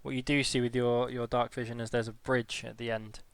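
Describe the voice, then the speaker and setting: A man narrating as game master, relaxed and rambling, with many fillers. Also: mid-range voice, brisk, smooth, dry recording.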